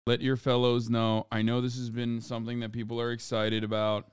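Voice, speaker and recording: A man's voice: medium pitch, completely flat delivery, fairly quick, clean tone, no room sound, studio quality. A man streaming in casual chat, loose and offhand, swearing freely.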